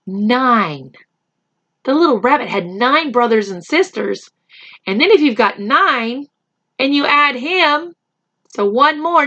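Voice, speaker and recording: Storytime teacher, woman, bright and lively, unhurried; reads to kids and counts with them. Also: high-pitched. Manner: expressive, counting along with children. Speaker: teacher reading to children. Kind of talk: read-aloud storytime.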